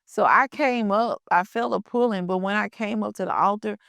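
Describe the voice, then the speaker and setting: A woman telling her own story in a relaxed, chatty way, speaking to her listeners as y'all. Her voice is smooth and resonant, with a mid-range pitch. The sound is dry and close, with no room echo. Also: moderate pace. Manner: conversational, addresses listeners as y'all, colloquial grammar. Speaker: podcast host sharing her testimony. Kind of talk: casual personal storytelling.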